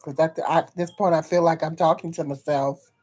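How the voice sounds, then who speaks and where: A woman's voice: sits low, steady tone, fairly quick, a little mellow. A woman hosting a casual livestream who rambles, repeats her words and breaks into laughter often while talking frankly to her viewers. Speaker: livestream host.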